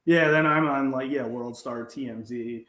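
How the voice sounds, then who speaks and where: A man's voice: medium pitch, moderate pace, fairly bright tone. Guy on a podcast telling a gym story, cusses a lot, doing the voices, echoey room. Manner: swears freely, acts out quotes. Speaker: podcast co-host. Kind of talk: casual chat, storytelling.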